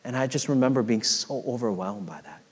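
A middle-aged male pastor delivers a heartfelt sermon, telling personal stories in an earnest voice. He swells louder when stirred and drops to a hush when he reflects. His voice rings out with a long reverb, as if filling a large sanctuary. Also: mid-range voice, expressive, brisk, slightly rough. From United States.

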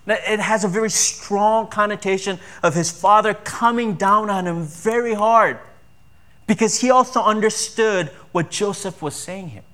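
Male pastor, slightly higher voice, chatty sermon delivery with rhetorical questions. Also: a little slow, a bit bright. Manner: conversational preaching with rhetorical questions.

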